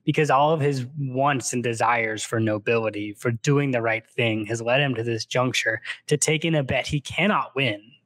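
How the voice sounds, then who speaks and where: A book podcast co-host casually retells a novel, reading passages aloud and slipping animatedly into character quotes. His mid-range voice moves at normal speed with few pauses, and the recording has no echo.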